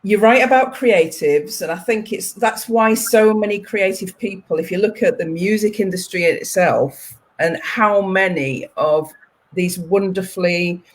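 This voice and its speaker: A woman hosts a conversational interview. Her voice has a husky edge and a middle pitch, and she often answers her guest with short, supportive agreements before adding her own thoughts. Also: a little slow. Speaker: host.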